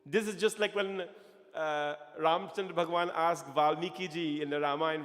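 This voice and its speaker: A man's voice: a little high, fairly even intonation, normal speed, a bit bright. A man telling a devotional story as a sermon, impassioned and often calling his listeners friends. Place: temple hall. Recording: reverberant hall with faint music.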